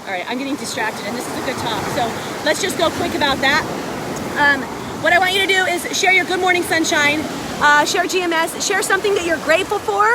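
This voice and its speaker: A woman hosting a casual motivational live stream outdoors on a beach, filmed on a phone, chatty and excitable, a little out of breath. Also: very high-pitched, fairly quick. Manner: chatty, excitable, greets viewers by name. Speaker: live video host. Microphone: phone held by a friend. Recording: faint surf noise outdoors.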